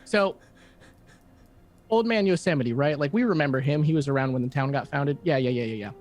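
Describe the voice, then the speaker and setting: Man doing a duck god, male, chatty, rambling, fast casual talk, slightly high voice. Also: darkish tone, soft background music, lightly acted. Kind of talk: in-character tabletop role-play.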